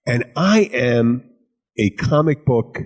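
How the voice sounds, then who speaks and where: A man's voice: mid-range voice, animated, slow pace. A middle-aged man from Philadelphia co-hosting a casual chat, joking and swearing freely. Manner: profane, joking, jumps into loud put-on voices. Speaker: podcast co-host.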